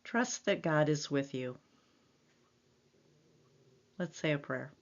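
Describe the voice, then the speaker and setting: A woman pastor giving a devotional sermon in a gentle, earnest, reflective way. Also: sits low, lively intonation, takes it slowly. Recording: slightly dull lo-fi recording.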